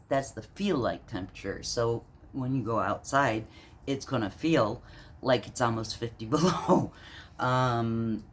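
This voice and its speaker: Woman, from Minnesota, rambling rant, profane, halting, unhurried delivery. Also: a bass voice, slight background noise. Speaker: vlogger. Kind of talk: ranting monologue.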